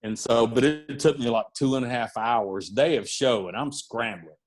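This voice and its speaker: Man telling animated backstage stories. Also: mid-range voice, moderate pace. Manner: animated anecdote-telling with fillers and acted-out quotes. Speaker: music and wrestling promoter. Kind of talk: casual storytelling in a podcast interview.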